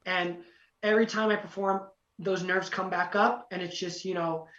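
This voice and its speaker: A young man telling a casual story as a podcast guest, lively, acting out quotes, with lots of "you know" fillers. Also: high-pitched, moderate pace. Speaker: podcast guest, former singing contestant. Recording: roomy, distant, dull lo-fi sound.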